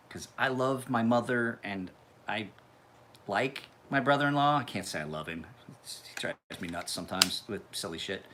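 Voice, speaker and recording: Profane man rambling on a live feed, laughs a lot, bright tone. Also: mid-range voice. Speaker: knife sharpener hosting a live stream. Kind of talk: casual live stream chat.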